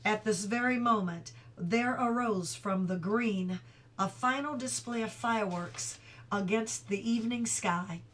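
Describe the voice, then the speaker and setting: A middle-aged woman reading a novel aloud at home, steady and clear, now and then stopping for chatty asides. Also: medium pitch, measured pace. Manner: reads steadily, breaks off for chatty asides and laughter. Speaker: audiobook reader.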